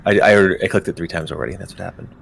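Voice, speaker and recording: A man's voice: low voice, fairly even intonation, very fast, vocal fry, fairly bright tone, slight background noise. A man running a tabletop game as game master, casual and hesitant, with many ums and easy laughs.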